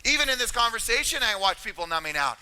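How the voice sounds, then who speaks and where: Middle-aged male motivational speaker, high bright forceful voice, emphatic, hall reverb. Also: quick pace, clean tone. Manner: energetic, emphatic, addresses audience directly. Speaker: motivational speaker at a real estate seminar. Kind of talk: live motivational talk.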